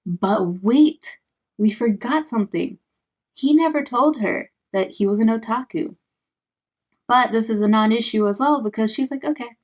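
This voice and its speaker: A woman's voice: on the high side, a little slow, darkish tone. Woman, sarcastic, casual book recap, lots of filler words. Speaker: book reviewer; parent.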